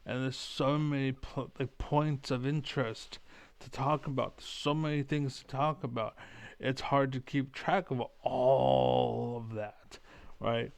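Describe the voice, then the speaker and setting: A man giving a rambling, profane political monologue, often losing his train of thought and doing mocking squeaky impressions. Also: flat delivery, a little slow, creaky, dry recording.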